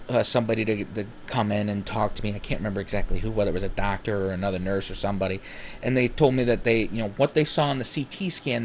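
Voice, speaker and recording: A man telling his own story casually, rambling with many fillers and self-corrections, and growing animated when he acts out dialogue. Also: lowish voice, a little hiss or hum.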